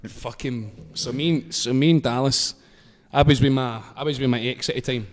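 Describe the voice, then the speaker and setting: A man's voice: medium pitch, steady tone, a little slow, slight background noise. A young Scottish man telling a story in casual chat, sweary and laughing as he goes. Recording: long reverb.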